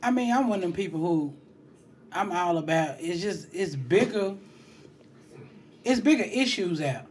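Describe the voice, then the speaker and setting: A man's voice: high voice, expressive, unhurried, pauses often. A man in casual podcast chat who talks in an easygoing, teasing way. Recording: clear background noise.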